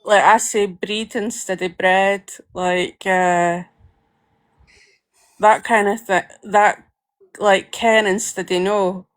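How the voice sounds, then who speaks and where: A woman with an East Coast Scottish accent in casual chat, talking loosely with a lot of "like" and quick laughs. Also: mid-range voice, fairly even intonation. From Scotland. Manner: chatty, fillers of "like", laughs easily.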